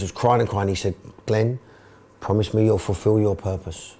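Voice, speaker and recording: A man's voice: on the low side, fairly even intonation, normal speed, mellow. A middle-aged man from England, a football club owner and manager, speaking emotionally and repeating himself in a candid documentary interview.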